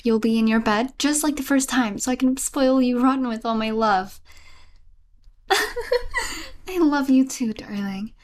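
Clingy yandere girlfriend, voiced by a young woman, for a whispered role-play: unhurried, tender, stammering, giggling. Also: on the high side, slight background noise.

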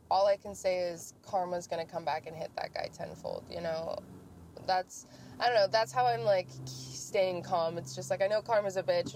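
A woman's voice: on the low side, a little mellow. A young woman hosting a casual podcast while driving, rambling and swearing freely as she vents. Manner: profane, venting, rambling. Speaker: podcast host. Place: inside a car in the rain. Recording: noisy car interior.

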